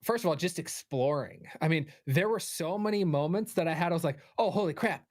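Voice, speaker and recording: A man's voice: on the high side, fairly quick. A man as a guest on a casual livestream chat, telling stories in a joking, hesitant way with many filler words. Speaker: guest co-host.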